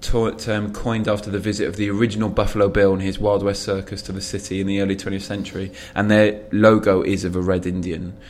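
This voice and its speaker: A man's voice: low-pitched, flat delivery, fast, hardly any pauses, a little mellow, a little hiss or hum. A man from England chatting casually about football as a co-host, dry and jokey, reading out club facts. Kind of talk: casual chat.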